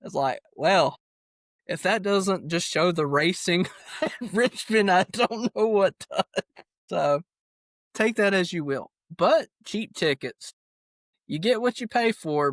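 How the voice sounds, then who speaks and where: A man's voice: on the high side, fairly bright tone, no echo. A young man co-hosting a casual sports podcast, joking and laughing often as he talks. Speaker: podcast co-host.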